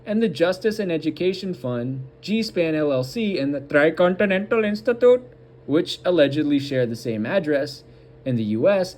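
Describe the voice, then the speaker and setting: A man hosting a political commentary show, reading an article aloud with halting restarts and breaking off for mocking asides. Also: fairly high pitch, a little mellow.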